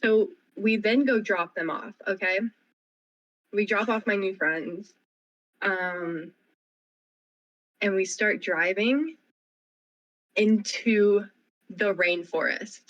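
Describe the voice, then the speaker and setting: A young woman co-hosting a casual radio chat, telling a story in an animated, rapid way full of "like". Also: mid-range voice, muffled recording. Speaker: co-host. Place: radio studio.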